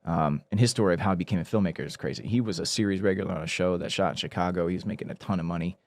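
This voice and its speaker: A man in his thirties, a guest actor, telling animated stories in a casual podcast chat. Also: low voice, rapid-fire, no room sound. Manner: animated storyteller who acts out quoted people.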